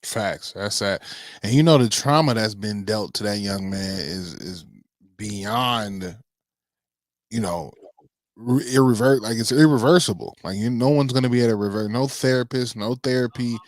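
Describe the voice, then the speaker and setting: A man's voice: fairly low pitch, normal speed, no echo, studio quality. A man co-hosting a live stream in casual chat, speaking hesitantly with restarts. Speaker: co-host.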